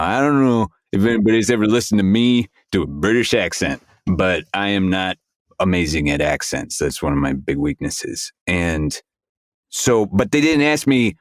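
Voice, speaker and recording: A man who is an audiobook narrator, a guest on a roundtable podcast, telling animated, winding stories. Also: fairly low pitch, no room sound, studio quality. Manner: animated storyteller, talks in long winding stretches. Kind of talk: casual roundtable discussion.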